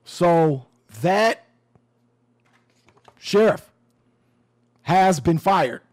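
A man giving casual commentary on a news story, talking to his audience in a conversational, emphatic and sometimes sarcastic way. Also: a little high. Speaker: commentary host.

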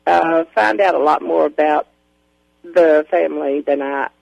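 Scratchy-voiced hoarse woman caller. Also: low voice, unhurried, no echo, highs cut off. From Kentucky. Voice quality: scratchy, raspy. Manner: warm, reflective, laughs often. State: hoarse from a lingering cold. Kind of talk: casual phone-in chat.

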